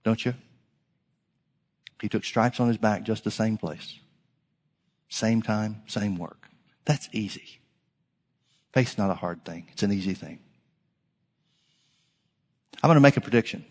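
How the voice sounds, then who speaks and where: A man's voice: lowish voice, a little slow, long pauses. Emphatic preaching man in a reverberant hall. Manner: emphatic preaching, swinging from loud to hushed. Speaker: pastor. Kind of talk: sermon.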